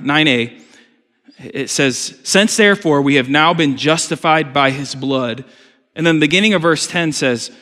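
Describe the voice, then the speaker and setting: A male pastor giving a conversational sermon in a church, swinging between loud emphasis and soft asides, with jokes along the way. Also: on the high side. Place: church sanctuary. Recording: long hall reverb.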